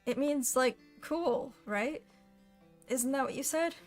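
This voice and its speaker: A woman reads aloud as an eager, talkative schoolgirl who is bubbly and imaginative, pitching her voice on the higher side at a slow pace. Light music plays behind this audiobook character voice from a storybook reading.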